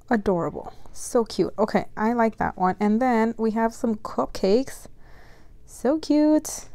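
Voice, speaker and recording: A young adult woman vlogger chatting casually as she unboxes mail, gushing and excitable with frequent gasps. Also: a little high, slight background noise.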